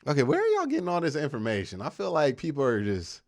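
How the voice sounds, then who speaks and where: A man's voice: fairly high pitch, huge pitch swings, quick pace, darkish tone, no room sound. A man giving casual, slangy live-stream commentary, reading chat and ranting. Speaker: streamer reacting to news and chat.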